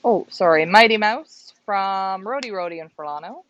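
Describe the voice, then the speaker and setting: A woman's voice: medium pitch, lively intonation, normal speed, fairly bright tone. A woman co-hosting a live stream, chatting casually and joking as she reads out names. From Canada. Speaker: co-host of a live pigeon race stream. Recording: slightly dull lo-fi stream audio.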